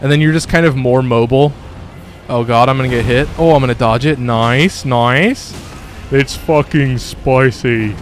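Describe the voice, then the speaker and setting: A young man live-streams a game from his bedroom, talking casually to viewers between excited, profane outbursts at the enemies he fights. His voice sits at an ordinary middle pitch. A faint hiss runs under the phone recording. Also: moderate pace. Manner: excitable, swears at enemies, chatty asides to viewers. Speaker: gaming streamer. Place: home bedroom.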